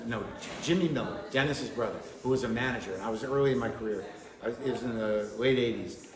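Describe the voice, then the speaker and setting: A man, a comedian, telling stories in a wry, dry, rambling way during a casual chat. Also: mid-range voice. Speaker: comedian guest. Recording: echoey room with crowd noise.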